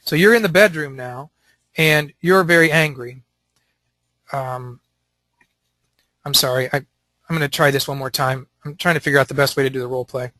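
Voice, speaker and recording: A man leading a Christian teaching panel, talking in an animated way and acting out quotes. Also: mid-range voice, moderate pace, long pauses, no echo.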